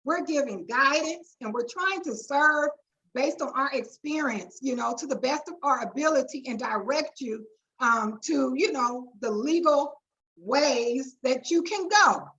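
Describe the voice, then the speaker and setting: A woman's voice: high voice, animated, measured pace, dull audio, slight background noise. A woman hosting a webinar, chatty and colloquial. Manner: chatty, warm asides and colloquial "y'all". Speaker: webinar host and attorney. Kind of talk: lively webinar introduction.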